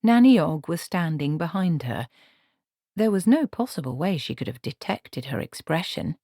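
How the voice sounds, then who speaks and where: A woman narrating an audiobook with an expressive reading. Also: low voice, normal speed, no room sound, clean studio sound. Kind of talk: scripted narration.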